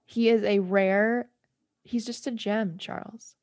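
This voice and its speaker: A woman's voice: medium pitch, steady tone, a little mellow. A woman co-hosting a podcast in casual chat, playful and teasing, often calling others honey. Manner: playful, calls people honey, quick laughs. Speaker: podcast co-host.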